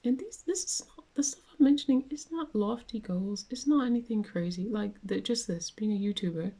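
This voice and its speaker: Young woman, casual vlog rant, mellow voice, rambling delivery with lots of fillers. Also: mid-range voice, brisk, slightly rough. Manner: rambling, many fillers and restarts. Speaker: vlogger.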